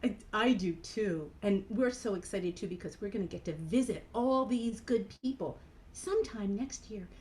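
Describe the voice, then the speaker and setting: A woman's voice: mid-range voice, moderate pace, darkish tone. A woman cantor leading a playful children's program over a video call, animatedly guiding kids through movements.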